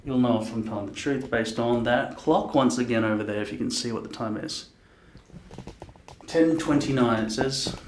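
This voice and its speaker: A man's voice: mid-range voice, slight background noise. A man in his fifties rambling casually to camera, musing aloud and swearing freely. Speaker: vlogger. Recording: echoey room.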